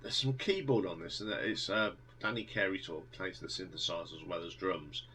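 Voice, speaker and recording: A man's voice: low voice, brisk, bright, forceful tone, poor audio. A man talking casually as he ranks a band's albums, rambling with many ums and restarts, enthusiastic. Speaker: music reviewer. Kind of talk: casual album review monologue.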